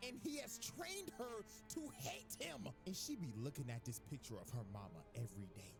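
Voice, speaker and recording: A man narrating a comedic recap with crude, deadpan roasting. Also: a little high, normal speed, creaky, over music.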